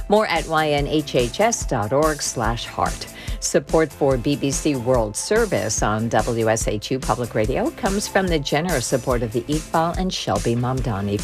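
A woman announcing station breaks and upcoming programs on public radio in a smooth, promotional read. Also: very deep voice. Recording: faint music bed underneath.

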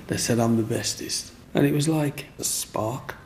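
A man's voice: medium pitch, a little slow, creaky, darkish tone, slight background noise. A man telling stories from his life in an interview, rambling and repeating himself as he goes. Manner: rambling, repeats himself, often says "you know what I mean". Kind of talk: storytelling in an interview.

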